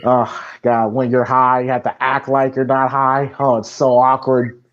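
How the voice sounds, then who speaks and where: A man's voice: medium pitch, level tone, unhurried. A man co-hosting a casual movie commentary podcast, rambling with many restarts and fillers. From Iowa, US. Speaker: podcast co-host. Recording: dull lo-fi sound.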